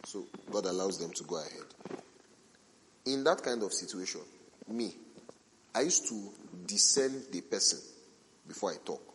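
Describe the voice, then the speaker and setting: A man preaching a sermon as a pastor, telling animated everyday stories, asking rhetorical questions and acting out the people he quotes. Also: fairly low pitch. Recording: long reverb from a large hall.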